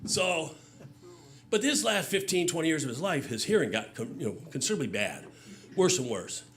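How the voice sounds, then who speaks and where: A man's voice: fairly high pitch, very animated, normal speed, fairly bright tone, a little hiss or hum. A man telling a stand-up story on stage, loose and chatty, with fillers and audience laughter. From Michigan. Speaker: stand-up comedian.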